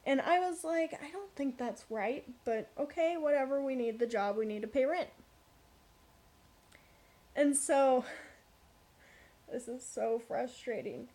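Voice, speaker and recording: A young woman vlogger telling a workplace story in a casual, animated, blunt way. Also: high voice, slow, pauses often. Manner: animated, blunt, frequent swearing and asides.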